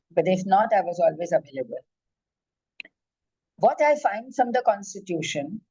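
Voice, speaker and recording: An older woman, a former judge giving an emphatic, measured lecture as a guest speaker. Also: mid-range voice, mellow, no echo, poor audio. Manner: measured, emphatic, enumerating points.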